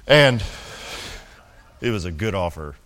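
A man's voice: low-pitched, sing-song, a little slow, fairly bright tone. Young man, pastor, casual joking sermon, long hall reverb. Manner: conversational, jokey preaching with many "right?" asides.

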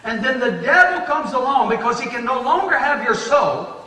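A man's voice: extremely high pitch, expressive, normal speed, pushed and bright. A man preaching a fervent sermon, addressing his listeners as dear friend and repeating himself for emphasis. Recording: echoey hall, picked up from a distance.

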